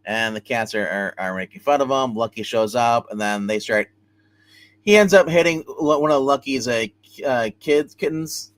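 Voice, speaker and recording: On a laid-back livestream reviewing comic books, the host speaks in a medium pitch at a moderate pace, with no room sound in the audio. His plot recap wanders, packed with restarts, fillers, and "he's like."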